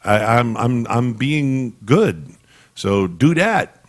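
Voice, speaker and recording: A man's voice: medium pitch, animated, takes it slowly. A man hosting a podcast from a studio, rambling and joking with many restarts. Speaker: podcast host. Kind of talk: casual chat. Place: home studio. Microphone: studio mic on camera.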